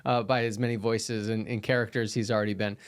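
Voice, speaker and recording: A man's voice: lowish voice, flat delivery, quick pace, clear, resonant tone. A man hosting a podcast, talking casually and encouragingly about acting confidence, sometimes acting out an inner voice. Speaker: podcast host.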